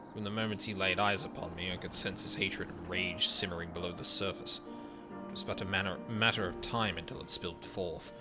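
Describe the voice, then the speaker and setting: A man reading game dialogue aloud as a grave, brooding male sorcerer, speaking low, solemn and measured. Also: close to an everyday voice. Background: game music.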